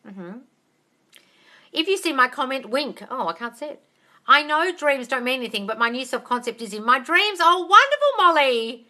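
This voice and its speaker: Bright-voiced woman coaching on a live stream. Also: high-pitched, very animated, normal speed. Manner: calls listeners "darling", casual swearing; upbeat, encouraging. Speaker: manifestation coach. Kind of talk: live-stream Q&A, reading viewer comments. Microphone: phone camera.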